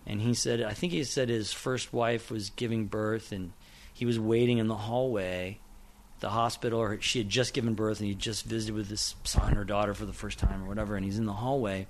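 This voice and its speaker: A man's voice: lowish voice, brisk. A middle-aged man from Oklahoma, a screenwriter and director, chatting casually in an interview and acting out the people he quotes. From Oklahoma, USA. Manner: animated storyteller, acts out quotes, laughs often.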